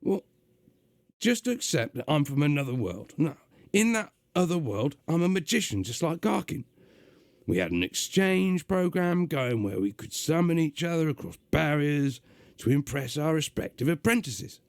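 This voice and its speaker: Brief: male reader doing a gruff London-accented demon, high and gravelly, impatient. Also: big pitch swings, moderate pace, no room sound, clean studio sound. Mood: exasperated. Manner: gruff, exasperated.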